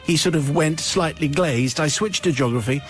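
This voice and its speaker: Radio host guy reading out a letter, a bit higher voice, wry and theatrical, faint music underneath. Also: normal speed. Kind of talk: reading a listener's confession letter aloud. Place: radio studio. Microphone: studio microphone.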